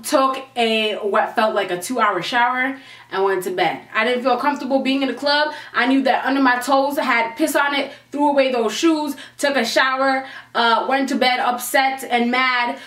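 A young woman vlogger telling a storytime in an animated, slangy way, swearing freely. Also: fairly high pitch, normal speed. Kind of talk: storytime vlog. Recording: echoey room, mic at a distance.

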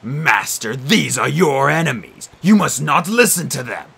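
Sneering ghost of an ancient king, low and unhurried, menacing, read by a male narrator. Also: very animated, creaky, fairly bright tone, breathy edge, heavily acted. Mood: sneering menace. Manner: slow, mocking, menacing.

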